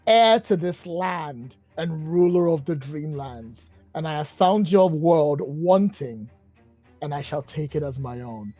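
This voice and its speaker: A man's voice: a little high, expressive, warm tone, dry recording, faint music behind. A man voicing a grandiose male villain who rules a dream realm, theatrical and gloating. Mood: menacing. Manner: theatrical, gloating, slow and measured.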